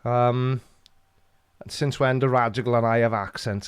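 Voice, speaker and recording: A man's voice: medium pitch, steady tone, unhurried, clean tone, no echo. Jokey Welsh man reading chat. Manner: jokey, dry teasing banter. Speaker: streamer. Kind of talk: live stream chat, reading comments.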